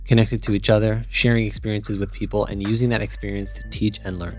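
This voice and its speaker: A man hosting a podcast, reading a scripted intro in a measured, even way. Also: lowish voice, soft background music. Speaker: podcast host. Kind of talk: scripted intro narration and casual interjections.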